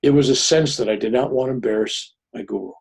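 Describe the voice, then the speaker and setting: An older man, a podcast guest, telling a personal story in an animated way and often checking in with "right?". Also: mid-range voice, fast talker, gravelly, slightly rough.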